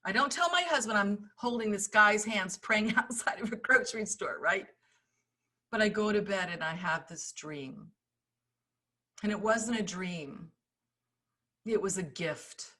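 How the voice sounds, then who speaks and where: A middle-aged woman giving an impassioned motivational talk, swinging between loud urging and hushed storytelling. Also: medium pitch, expressive, measured pace, pauses often. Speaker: summit speaker.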